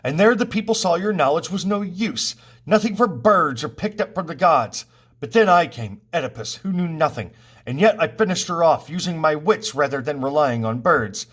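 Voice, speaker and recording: A man's voice: a little high, expressive, normal speed, a bit bright, slightly rough. A man reading the part of a proud, angry king aloud in a scornful, accusing way.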